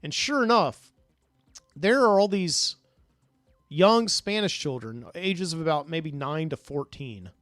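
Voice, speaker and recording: A man's voice: fairly high pitch, expressive, slow pace, fairly bright tone, no room sound, clean studio sound, soft background music. A man, a podcast host, casually recounting a dream in a rambling way, full of fillers and restarts.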